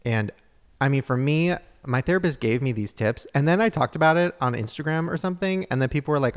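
A man's voice: medium pitch, expressive, fast talker, smooth, long reverb tail. A man on a casual podcast, effusive and playful, reacting dramatically to friends. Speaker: podcast host.

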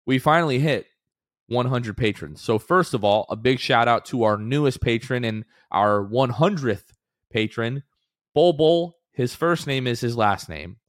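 A man's voice: medium pitch, lively intonation, measured pace, dry recording, studio quality. A man co-hosting a casual sports podcast, talking in an upbeat, rambling way with many fillers. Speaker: podcast co-host.

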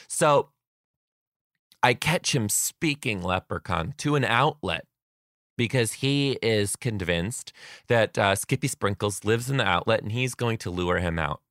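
A young adult man, a teacher, telling comic stories about his class in a sarcastic, animated way, acting out the kids. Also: lowish voice, measured pace, no echo, studio quality. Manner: animated, sarcastic, acts out kids' voices. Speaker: kindergarten teacher. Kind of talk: comedic storytelling.

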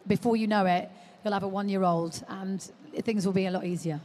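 A woman's voice: mid-range voice, fairly quick. A woman chatting as a podcast guest about motherhood, telling stories animatedly and acting out what people said. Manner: animated storytelling, acting out quotes. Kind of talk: live podcast chat. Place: live stage at a large exhibition hall. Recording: long reverb of a large hall.

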